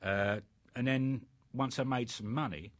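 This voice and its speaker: A man's voice: medium pitch, unhurried. An older man with a British accent, rambling through life stories in a casual interview, full of fillers and restarts. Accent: British English. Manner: rambling anecdotes with many fillers. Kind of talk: storytelling in casual chat.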